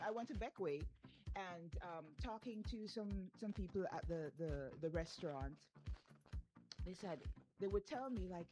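A woman's voice: lowish voice, moderate pace, background noise. A woman, a parent speaking earnestly and emphatically in a casual discussion. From Saint Vincent. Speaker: parent discussing children's speech.

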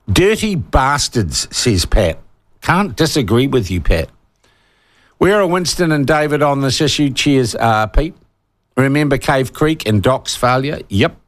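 A man's voice: mid-range voice, expressive, normal speed. A man in his sixties with a New Zealand accent, hosting talkback radio and reading out texts, indignant and emphatic as he gets worked up. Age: 60s. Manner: indignant, emphatic, growing heated. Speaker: talk radio host. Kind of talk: opinionated talkback radio monologue.

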